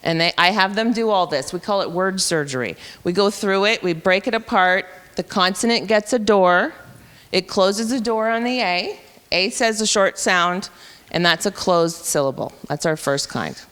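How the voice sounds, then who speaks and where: A woman's voice: mid-range voice, normal speed, a bit bright, clear, resonant tone, big-room sound. A woman teacher explaining a reading intervention program step by step at a professional development session. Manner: explanatory, talks through teaching steps.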